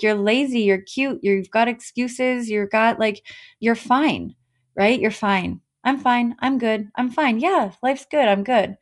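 A woman in her thirties co-hosting a podcast, telling stories with energy in casual chat, with lots of "like"s. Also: mid-range voice. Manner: energetic, storytelling, many "like"s. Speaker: podcast co-host.

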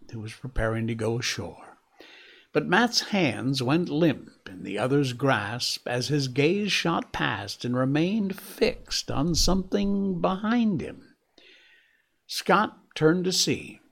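A man reads a classic novel aloud, slow and deliberate. His voice is gravelly and sits at a middling pitch, and the story unfolds at an unhurried pace. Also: fairly bright tone. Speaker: audiobook narrator. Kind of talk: scripted narration of a classic novel.

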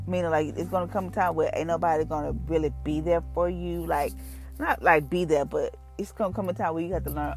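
A woman's voice: low voice, steady tone, fast, darkish tone, soft background music. A woman hosting a podcast, giving an earnest, informal devotional talk that rambles and often repeats phrases. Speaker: podcast host.

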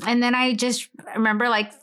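A woman with a somewhat high voice talks casually with a friend. She tells stories in an animated way and slips into the voices of the people she is describing. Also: fairly quick. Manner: animated storyteller, acts out voices in anecdotes. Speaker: co-host. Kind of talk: casual chat.

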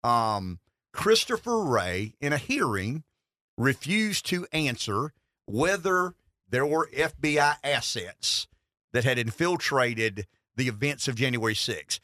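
Animated, bright-voiced Southern host. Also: male voice, medium pitch, slow, no room sound, clean studio sound. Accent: Southern American. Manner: animated and emphatic. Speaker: radio show host. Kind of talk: talk radio discussion.

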